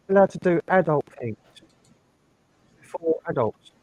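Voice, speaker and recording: A man's voice: medium pitch, animated, moderate pace, no echo, narrow, tinny audio. A British man chatting as a guest on a live stream over a video call, pressing with repeated questions. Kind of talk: casual live stream chat.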